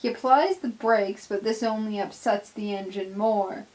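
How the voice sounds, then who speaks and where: A woman's voice: medium pitch, unhurried, a little mellow, rough recording. A woman narrating her own fan fiction as a storybook reading.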